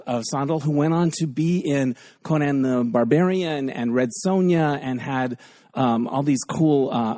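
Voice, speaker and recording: A man's voice: mid-range voice, warm tone, dry recording. A man hosting a podcast, talking casually and enthusiastically with lots of fillers, his voice a bit scratchy. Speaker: podcast host. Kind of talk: casual chatty monologue.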